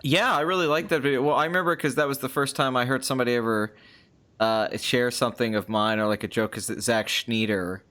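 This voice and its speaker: A man hosting a casual chat, excitable, swearing freely and restarting his sentences. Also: mid-range voice, a little fast. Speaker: podcast host.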